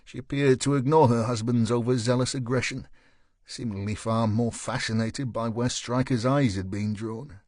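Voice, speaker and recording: A man's voice: medium pitch, fairly even intonation, normal speed, a little mellow, dry recording. Man narrating an audiobook, dry and close. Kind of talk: scripted narration.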